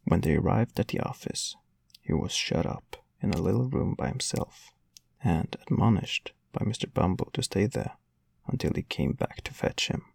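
A man with a gravelly, husky voice reading a classic novel aloud in a measured storytelling manner. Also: low voice, expressive, a little mellow, dry recording. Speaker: audiobook narrator. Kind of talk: scripted narration of a classic novel.

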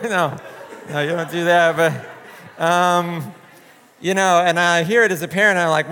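A man's voice: a little high, fairly even intonation, normal speed, sharp tone, clear, resonant tone, big-room sound. A man leading an informal youth group talk, a joking storyteller who acts out quoted voices.

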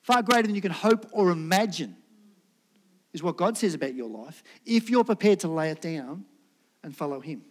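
A middle-aged male pastor preaching a sermon. He acts out prayers and God's replies, swinging from loud lines to hushed ones. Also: sits high, lively intonation, normal speed.

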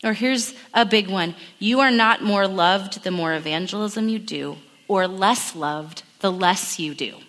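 A woman preaches at a camp gathering, slipping into quick, muttered impressions of the voices in our heads. Her voice is bright and forceful, and it rings out with the long echo of a large hall. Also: mid-range voice. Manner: acts out inner voices in quick murmured asides. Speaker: camp speaker. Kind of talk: sermon.

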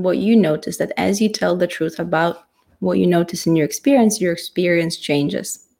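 A woman teaching how to communicate, in a reflective, halting way that thinks aloud. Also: on the low side, creaky, darkish tone. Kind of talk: casual teaching talk.

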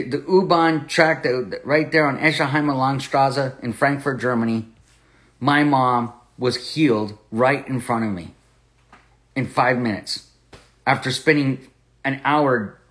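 A man's voice: mid-range voice, unhurried, fairly bright tone. Earnest male Bible podcast host. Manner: earnest storytelling with frequent restarts. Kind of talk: podcast Bible study and personal testimony.

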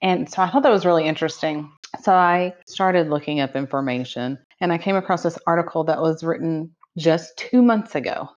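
A woman's voice: deep voice, fairly quick, few pauses. A middle-aged woman co-hosting a podcast, chatting casually and laughing easily. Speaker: podcast co-host. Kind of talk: casual chat. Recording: dull lo-fi sound.

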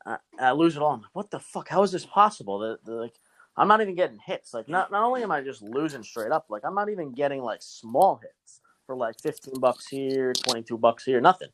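A man's voice: mid-range voice, lively intonation, a little fast. Profane man telling a casino story. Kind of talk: casual storytelling chat.

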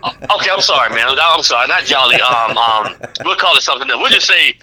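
A man's voice: mid-range voice, quick pace, poor audio. A middle-aged man, a comedian, chatting casually on a podcast and acting out voices from his stories. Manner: animated, acts out crowd and director voices.

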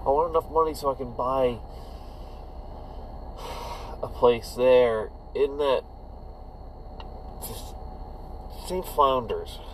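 A man's voice: mid-range voice, slow, long pauses, slight background noise, rough recording. A man venting casually, sighing and exasperated, in a self-pitying way.

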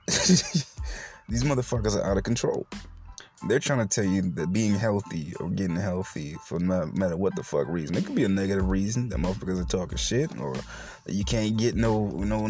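Young male podcast host, low gravelly voice, foul-mouthed storyteller, faint music behind. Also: a little mellow. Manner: profane, laughing storyteller. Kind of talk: solo podcast rant.

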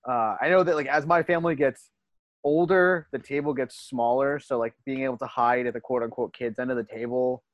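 A man co-hosting a casual podcast, telling animated stories with swearing and laughter. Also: medium pitch, brisk, no echo, dull audio. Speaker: podcast co-host.

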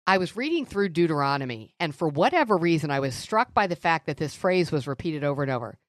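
Low-voiced, animated woman podcaster. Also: fast, dry recording, studio quality. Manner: earnest, animated storytelling. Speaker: podcast co-host. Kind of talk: faith-based conversational teaching.

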